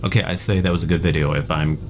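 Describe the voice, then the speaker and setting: Deep-voiced man in a noisy clip. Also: steady tone. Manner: earnest, emotional, reads text aloud haltingly. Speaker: reactor in a clip. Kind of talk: casual video reaction.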